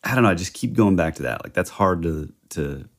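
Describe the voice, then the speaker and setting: A man with a low voice chats casually on a podcast. He thinks aloud as he goes, hesitating and filling pauses with "like" and "you know.". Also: animated. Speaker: podcast co-host. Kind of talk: casual chat.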